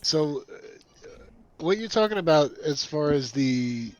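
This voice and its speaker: A man's voice: fairly high pitch, animated, takes it slowly, a little mellow, dry recording, poor audio. A man chatting casually on a stream, hesitant and often restarting his sentences. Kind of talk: casual chat on a live stream.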